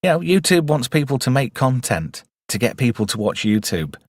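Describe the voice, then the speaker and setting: A man's voice: mid-range voice, big pitch swings, normal speed, no echo. Rambling, irreverent man. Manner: rambling, irreverent, swears freely. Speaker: movie reviewer. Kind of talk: casual film commentary.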